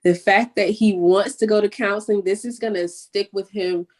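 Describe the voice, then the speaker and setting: A woman's voice: medium pitch, fairly even intonation, normal speed, darkish tone. A woman hosting an interview, affirming and encouraging her guest. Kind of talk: supportive interview conversation.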